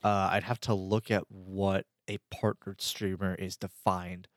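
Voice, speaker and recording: A man's voice: low-pitched, level tone, a little slow, no echo, studio quality. A man hosting a casual podcast, explaining a topic with lots of fillers. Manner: filler-heavy, chatty explaining. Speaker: podcast host. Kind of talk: casual chat.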